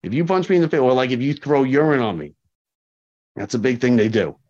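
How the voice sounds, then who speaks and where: A corrections officer tells stories casually in an interview, animated, acting out dialogue and repeating points for emphasis. His mid-range voice moves briskly, and the lo-fi audio is slightly dull.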